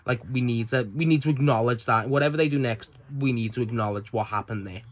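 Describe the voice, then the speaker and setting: Excitable rambling young man reviewing wrestling. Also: medium pitch, fast. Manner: rambling, excitable, swears often. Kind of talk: casual spoken review.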